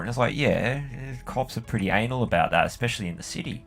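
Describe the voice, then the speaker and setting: A man's voice: lowish voice, lively intonation, fast, creaky, few pauses, soft background music. An Australian man telling stories in a casual, rambling, sweary way while he plays a game. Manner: rambling, sweary, full of "like" and "you know". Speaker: gaming channel host.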